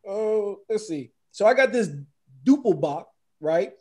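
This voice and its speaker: A man's voice: high voice, animated, measured pace, warm tone. A middle-aged man from the United States hosting a casual livestream chat, laughing often and reading the chat aloud. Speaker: host.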